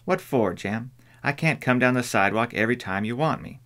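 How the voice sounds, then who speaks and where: A man's voice: medium pitch, lively intonation, a little fast, a bit bright, close to an everyday voice. A man voicing a stern older woman housekeeper, speaking urgently and emphatically. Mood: impatient.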